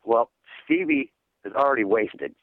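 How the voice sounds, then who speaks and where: A man's voice: mid-range voice, wildly swooping pitch, unhurried, creaky, dry recording, phone-quality sound. A man, a metal band's singer, chatting casually in an interview and telling rambling laid-back stories full of "dude". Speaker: metal band singer guest.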